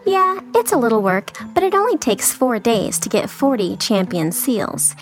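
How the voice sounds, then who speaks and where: Friendly woman reading a message, lively, slightly high voice. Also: normal speed. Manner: chatty, friendly.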